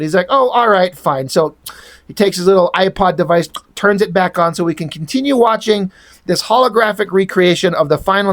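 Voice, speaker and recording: A man talks through a comic issue in a loose, rambling way, swearing freely and getting heated about the artists. His delivery is casual and opinionated, full of restarts as he works through his points. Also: high voice. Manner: rambling, profane, enthusiastic opinions. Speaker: comic book reviewer. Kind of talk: casual spoken comic review.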